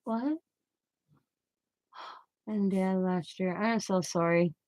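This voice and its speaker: A middle-aged woman hosting a crafting channel chats casually on a live stream, rambling emotionally and trailing off mid-sentence. Her voice is medium-pitched, slow and somewhat dark. The recording is dry and low in quality.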